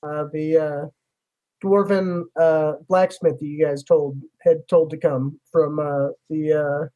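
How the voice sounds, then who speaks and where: A man's voice: fairly high pitch, level tone, slow pace, dark tone, dull audio. A man narrating a tabletop game as game master in a loose, rambling way, full of fillers.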